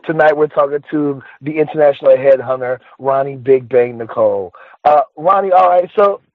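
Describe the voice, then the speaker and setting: A man hosting a podcast interview, loose and joking, rushing through his questions. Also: medium pitch, dry recording. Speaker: podcast host. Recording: tinny phone line, dry.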